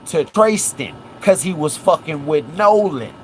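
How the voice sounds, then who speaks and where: A man from Memphis with a slightly high voice goes through a case on his casual livestream, a little slowly. Animated, he keeps repeating "right?" and "watch this," and there's a faint hiss or hum.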